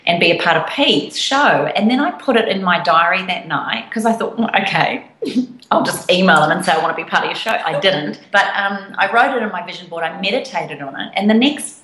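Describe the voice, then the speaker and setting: A woman co-hosting a podcast, telling a story in a gushing, excited way. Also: lowish voice, a little fast. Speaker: podcast co-host. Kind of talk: casual chat. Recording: roomy echo.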